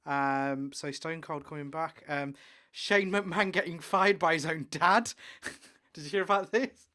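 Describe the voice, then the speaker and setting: Guy on a podcast rambling excitedly about fights and wrestling, voice drops off at the ends. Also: on the high side, unhurried. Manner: chatty, enthusiastic, trails off quietly. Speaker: podcast co-host. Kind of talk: casual sports chat.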